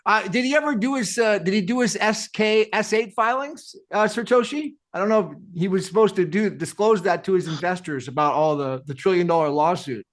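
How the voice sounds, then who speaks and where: High-voiced man, jokey host. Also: a little fast, hardly any pauses. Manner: laughing, loose and jokey, says "dude" a lot. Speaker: host of a live audio chat. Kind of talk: casual chat.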